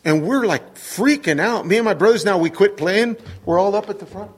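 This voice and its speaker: A middle-aged man preaching a sermon, telling a story with lively acted-out moments and sudden shouts. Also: sits high, a little fast, slightly rough. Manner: animated, acts out scenes with sudden shouts. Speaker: pastor.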